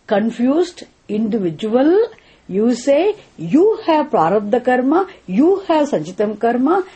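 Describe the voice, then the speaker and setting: A woman with a somewhat high, husky voice teaches a philosophy lesson. Her pitch swings widely as she speaks. She keeps asking her listeners rhetorical questions and repeats key terms to drive them home. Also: mellow. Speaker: spiritual teacher. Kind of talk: philosophy lecture.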